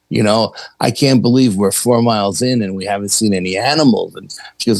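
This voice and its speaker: Gravelly low-voiced man telling a story. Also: a little fast, hardly any pauses, dry recording, poor audio. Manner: chatty anecdotal telling, acts out quoted dialogue, frequent "you know". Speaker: paranormal investigator, podcast guest. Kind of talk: casual storytelling.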